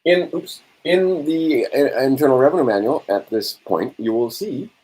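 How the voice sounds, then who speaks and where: A man's voice: mid-range voice, animated, moderate pace, darkish tone, slightly rough, rough recording. A man giving an informal lecture, asking and answering his own questions and checking in with "right?" as he goes. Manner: rhetorical, keeps checking in with "right?". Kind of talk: informal lecture to a small audience.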